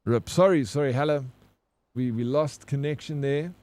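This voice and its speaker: This game streamer has a South African accent and a medium-pitched, darkish male voice at a moderate pace, with no room sound. Chatting casually on his live stream as he plays, he greets viewers by name and swears freely in an easygoing way.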